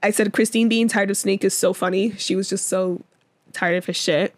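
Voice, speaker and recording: A young woman co-hosts a podcast in relaxed, casual conversation. She rambles with plenty of fillers and laughs easily, her pitch sitting in a middle range. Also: normal speed. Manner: chatty, lots of fillers and laughs. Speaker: podcast co-host. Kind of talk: casual chat.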